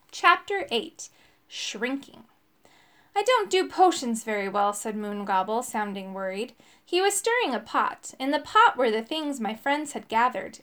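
Lively woman reading a storybook aloud. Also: high voice. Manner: lively, expressive first-person reading. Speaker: audiobook narrator. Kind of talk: storybook narration.

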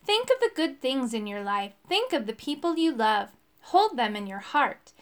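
Woman voicing wise old swamp woman, storybook, calm advice, high lively voice. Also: moderate pace. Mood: advising. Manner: calm, advising.

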